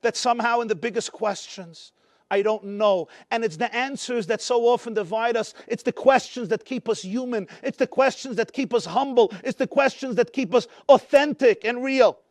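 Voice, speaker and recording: A fervent male rabbi delivering a storytelling sermon, weaving in Yiddish and Hebrew phrases. His voice sits very high for a man and sounds dry and close, with little room echo. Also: normal speed. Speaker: rabbi giving a memorial address. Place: synagogue community gathering.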